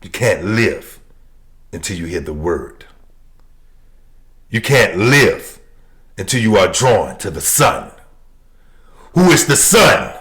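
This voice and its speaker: A male preacher delivering a sermon at a deliberate, unhurried pace. His pitch climbs and dips widely as he leans hard on repeated phrases, jumping from shouted lines to hushed, low ones. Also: sing-song. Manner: emphatic, swinging from shouts to low, quiet lines; repeats key phrases for emphasis.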